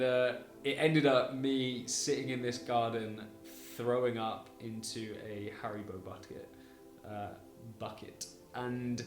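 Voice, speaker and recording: A man's voice: mid-range voice, reverberant. A man telling his own story on a podcast in a chatty way, laughing often between sentences and swearing casually. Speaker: podcast host.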